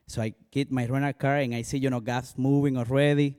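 Speaking briskly and smoothly with hardly any pauses, a male pastor gives an animated personal testimony. He has a medium-pitched voice, a strong Spanish accent from his native Spanish, and a habit of saying "you know."

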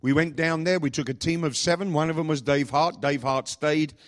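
A man pastor preaching a sermon, asking the congregation repeated questions and speaking with lively emphasis. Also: fairly high pitch, fairly quick.

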